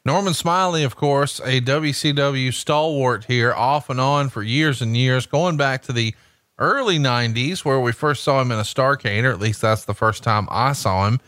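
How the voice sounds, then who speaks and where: A man doing wrestling color commentary, deadpan and joking, slipping in made-up answers with a straight face. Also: medium pitch, moderate pace, no room sound, clean studio sound.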